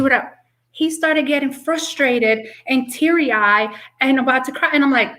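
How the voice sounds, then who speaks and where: A woman's voice: high voice, lively intonation, unhurried, bright, forceful tone, rough recording. A middle-aged woman in casual podcast chat, candidly telling stories with quoted back-and-forth dialogue.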